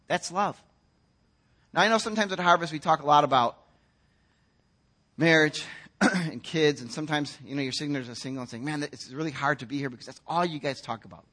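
A man's voice: sits high, bright, forceful tone. A middle-aged man preaching a sermon as pastor, earnest and emotional, telling personal stories and acting out quoted lines.

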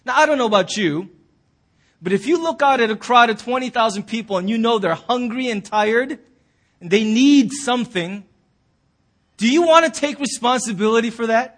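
A male pastor preaching a sermon in his church. He tells the story in an animated way and acts out the people he quotes. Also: extremely high pitch, moderate pace. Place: church sanctuary.

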